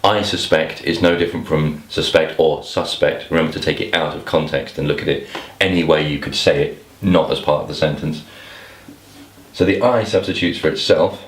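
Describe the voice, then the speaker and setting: A man with an extremely low voice walks through crossword clues step by step. He thinks aloud, with small restarts and asides, and he sounds as if he is in an echoey room. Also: fairly even intonation, normal speed. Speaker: crossword tutor. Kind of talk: explanatory lesson to camera.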